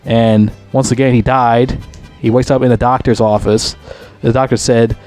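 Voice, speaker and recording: A man talks through a movie in a loose, rambling review, swearing constantly and circling back over the same points. His voice sits at a middling pitch but shoots up when excitement takes over. Faint music plays behind him. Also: moderate pace. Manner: rambling, heavy swearing, repeats himself; gets loudly excited and higher when retelling scenes. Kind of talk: casual movie review vlog.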